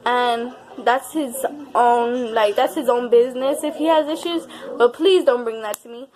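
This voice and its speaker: A young woman vlogger telling a personal story in a casual, animated way, with lots of swearing and repeated words for emphasis. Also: a little high, a little slow.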